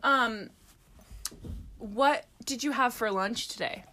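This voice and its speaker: A woman's voice: on the high side, takes it slowly, sharp tone. A young woman co-hosting a casual podcast at home, playful and teasing, laughing often. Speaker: podcast co-host. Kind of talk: casual chat. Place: home room with an air purifier.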